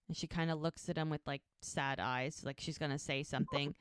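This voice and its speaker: A woman with a low, resonant, clear voice co-hosts a podcast, talking briskly with hardly any pauses. She casually recaps a TV episode, retelling its scenes by quoting the characters' dialogue. The recording is clean studio sound with no echo.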